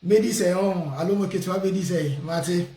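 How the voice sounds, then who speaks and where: High-voiced man hosting radio talk. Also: fairly quick, roomy sound, background noise. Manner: lively, switches between Twi and English, laughs often. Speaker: radio show host. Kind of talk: casual radio talk show in Twi and English.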